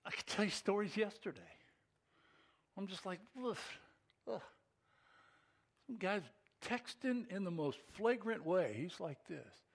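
Middle-aged male pastor, slightly high voice, preaching with hushed lows and emphatic bursts. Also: normal speed, gravelly. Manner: swings between hushed and emphatic, rising to excited peaks. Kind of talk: sermon.

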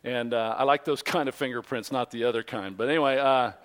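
A man in his fifties, a pastor, giving a conversational sermon, telling a story in a relaxed way with many ums and light jokes. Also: mid-range voice, fairly quick.

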